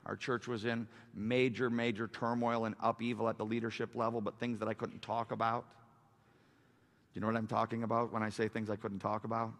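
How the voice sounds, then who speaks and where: A man, a pastor, preaching a sermon, swinging between loud fervent surges and soft, confessional stretches. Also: on the low side, little pitch movement, normal speed. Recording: reverberant hall.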